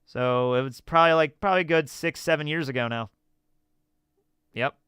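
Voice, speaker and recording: A man's voice: on the high side, moderate pace, smooth, no echo, studio quality. A man chatting casually on a live stream, answering questions and telling rambling stories with laughs. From United States. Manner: rambling, animated storytelling with laughs.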